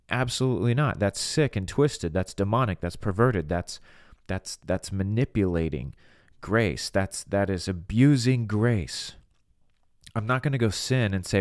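A man's voice: sits low, darkish tone, dry recording, clean studio sound. A man preaching a podcast sermon in an earnest, emphatic way, often restarting his words and acting out people's inner voices.

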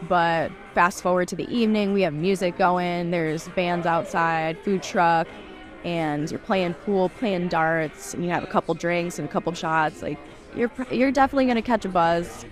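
A woman bar owner talks loosely and chattily, dropping ums as she goes. Her voice sits on the low side. Faint music plays in the background. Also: normal speed. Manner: casual, chatty, frequent ums. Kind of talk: interview soundbites.

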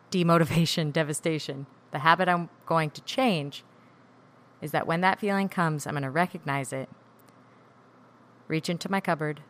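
Woman podcast host, lower-pitched, bright edge, introspective solo monologue. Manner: candid, introspective, working through feelings aloud.

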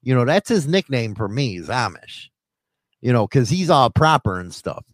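A man's voice: medium pitch, very animated, moderate pace, no echo, clean studio sound. A man co-hosting a podcast in casual chat, crude, profane and joking. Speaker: podcast co-host.

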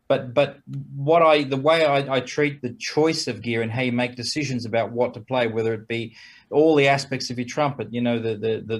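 A man in mid pitch talks casually as an interview guest. He is animated, with a ready chuckle, and his voice jumps higher whenever he acts out what other people say. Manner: animated, acts out quoted exchanges in a raised voice; chuckles between points. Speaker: trumpet player guest.

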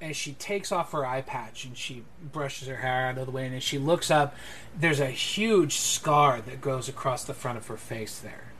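A man's voice: mid-range voice, normal speed, a bit bright, a little hiss or hum. A man running a tabletop game as game master, describing scenes at length with hesitant fillers.

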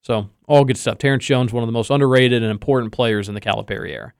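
A man hosting a casual sports podcast, spinning a story with lively energy. He acts out other people's lines as he goes. His voice sits at a middle pitch, recorded close and dry with no room sound. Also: fast talker, vocal fry, clear, resonant tone, no room sound. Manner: animated storyteller, acts out quotes. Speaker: podcast host.

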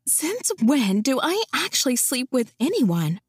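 A woman voicing a sharp-tongued woman in her late twenties in an audiobook, full of sarcastic, cheeky banter. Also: high-pitched, big pitch swings, measured pace, husky, dry recording, studio quality, voice pushed up, heavily acted. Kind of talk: audiobook character voice.

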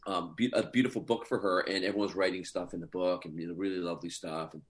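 Speaking fast in a low-sitting voice, a middle-aged actor appearing as a guest shares amusing stories from behind the scenes. The delivery is relaxed and lively, punctuated by frequent chuckles.

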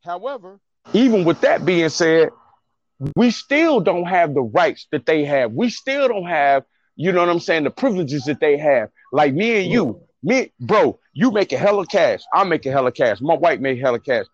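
A man with a somewhat high voice, speaking in an emphatic, preachy way and swearing freely. He makes his points forcefully in a relaxed podcast conversation. The sound is dry and a little dull, like a lo-fi recording. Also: normal speed, no echo. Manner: preachy, emphatic, profane rant. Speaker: podcast co-host. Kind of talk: casual podcast chat.

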